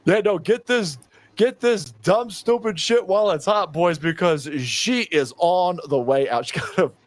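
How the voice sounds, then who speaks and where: A man in his fifties doing sarcastic reaction commentary on a stream, mocking, ranting and laughing often. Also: medium pitch. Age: 50s.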